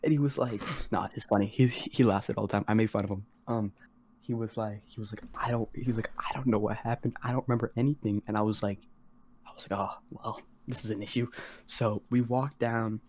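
A teenage boy with a lowish voice, rambling casually through a story with plenty of slang and cursing. He keeps slipping into quick impressions of the people he describes, in a loose, unpolished podcast style. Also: fairly even intonation, darkish tone, a little hiss or hum. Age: teens. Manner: slangy, rambling, heavy on "like" and swearing; acts out quoted voices of others. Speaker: podcast co-host.

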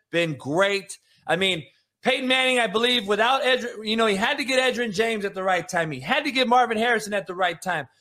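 A man's voice: high-pitched, fairly bright tone. A man hosting a sports talk show, brash and profane, rambling through opinions in casual sports talk.

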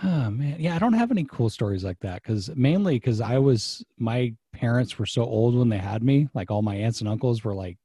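A man's voice: medium pitch, expressive, moderate pace, few pauses, mellow, breathy edge, no echo, studio quality. A man hosting a casual chat, easygoing, laughing along and asking questions.

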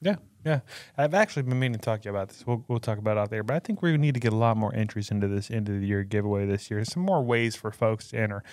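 A man, co-hosting a podcast in relaxed, easygoing chat. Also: fairly low pitch, racing, no room sound, clean studio sound. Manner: easygoing, plugs the show. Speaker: podcast co-host. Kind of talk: casual chat.

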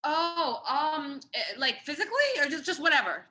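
Lively woman guest on a chat podcast; higher voice with a bright, crisp edge; casual and quick to laugh. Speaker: magazine editor and guest.

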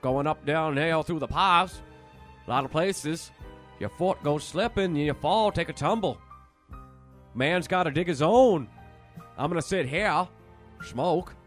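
A man doing a folksy old rural man with a slow, rambling drawl. He speaks up louder and a touch higher than usual as he mutters grim warnings. Faint piano music plays behind him. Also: natural voice. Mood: ominous.

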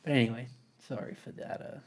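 A man's voice: mid-range voice, steady tone, fast, a little mellow. A man chatting casually on a podcast, telling rambling anecdotes with laughing asides. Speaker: podcast co-host. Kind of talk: casual chat, storytelling.

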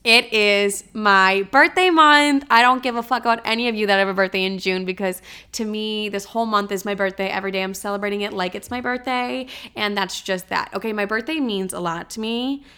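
In a casual solo podcast, a young woman chats dramatically, swearing freely and filling her sentences with "like." Her mid-range voice is fairly quick, sharp, and smooth.

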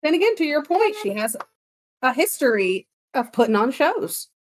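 In a relaxed podcast chat, a woman co-host tells a story at a moderate pace, giggling and animated. She has a fairly high voice that swoops all over, and she playfully bosses her partner about.

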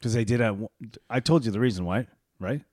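A man's voice: mid-range voice, fairly quick, darkish tone, no room sound, clean studio sound. A man, co-hosting a casual podcast, joking and teasing with frequent laughs. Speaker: podcast co-host. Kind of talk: casual chat.

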